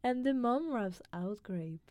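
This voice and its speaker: Slow-talking mellow-voiced woman. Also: fairly high pitch, animated. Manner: measured, self-deprecating, laughs easily. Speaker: podcast co-host. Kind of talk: poetry reading and casual chat.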